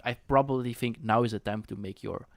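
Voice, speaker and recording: A man's voice: mid-range voice, a little fast, gravelly, no room sound. A man co-hosting a casual game development podcast chat, talking loosely with frequent restarts. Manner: chatty, with frequent restarts and laughs. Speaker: co-host.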